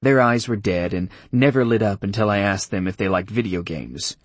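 Man, audiobook narrator, first-person, dry wry tone, husky voice, dead dry recording. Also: on the low side, normal speed, dry recording.

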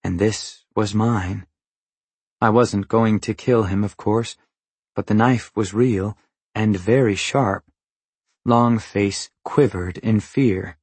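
Man reading a novel, slow and husky, super dry close sound. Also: lowish voice, no room sound. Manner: measured, even storytelling. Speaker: audiobook narrator. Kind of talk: scripted narration.

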